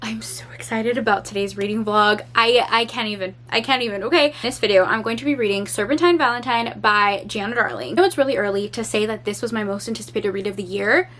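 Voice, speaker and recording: A young woman book vlogger chatting casually in a reading vlog, gushing and excitable, swearing now and then. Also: medium pitch, fast talker, hardly any pauses.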